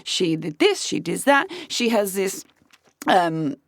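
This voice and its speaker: A woman voicing a smooth, flattering female AI chat assistant in a lowered, soothing tone. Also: slow, no room sound, studio quality, heavily acted. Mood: praising.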